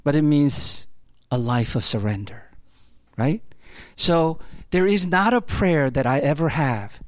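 A male pastor delivers a sermon in a loose, conversational way, leaning on tags like "right?" and "like". His voice sits a bit high for a man. He surges into urgent, raised stretches and then drops into hushed, intense ones, and the close, dry sound keeps every word present. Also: expressive, takes it slowly, dry recording.

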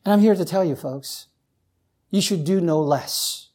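A man preaching a sermon as pastor, repeating phrases and asking the congregation "right?", swinging from near shouts down to low, quiet lines. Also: unhurried.

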